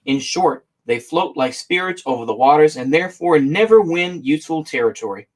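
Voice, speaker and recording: A man reading a memoir aloud in a relaxed, halting way, pausing to fix his misreadings and add casual asides. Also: fairly high pitch. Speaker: audiobook reader.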